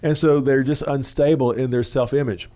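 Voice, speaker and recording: A man hosts a church counseling show and explains things at length in a loose, rambling way. He pauses often with "uh" and "you know" and sometimes acts out the people he describes. His pitch sits in the middle range for a man. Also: fairly even intonation, mellow. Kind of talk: teaching talk on a question-and-answer show.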